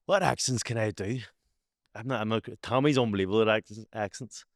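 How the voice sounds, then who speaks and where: Man, West Belfast accent, slurry speech, sweary storyteller, low-pitched, dry studio sound. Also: brisk, dry recording. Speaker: podcast host. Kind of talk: casual chat.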